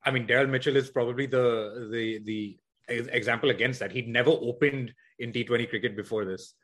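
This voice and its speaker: Chatting casually about cricket on a podcast, this male co-host rambles, often restarting and hedging. He speaks a little fast in a medium-pitched, slightly bright voice with fairly even intonation.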